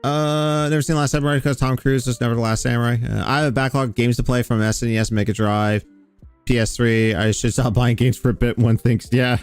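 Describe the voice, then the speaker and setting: Relaxed man rambling over clips. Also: medium pitch, brisk, clean tone, soft background music. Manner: relaxed, rambling, sardonic with fillers. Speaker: host reacting to clips. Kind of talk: casual commentary over clips.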